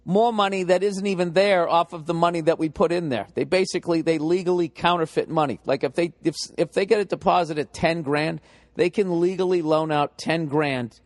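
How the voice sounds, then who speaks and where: A middle-aged stand-up comedian with a Boston accent rants in a profane, exasperated way. His voice sits a little high for a man. The sound is close and dry, with almost no room around it. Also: moderate pace, dry recording.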